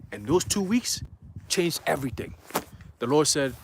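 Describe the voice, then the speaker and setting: A young man tells his testimony to a church in a fairly high, animated voice, loose and slangy, leaning on fillers as he goes. He brings the people in his story to life with quick put-on voices. A faint steady hiss sits under the recording. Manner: casual slangy speech with many "you know" fillers; excitable, acts out quoted voices.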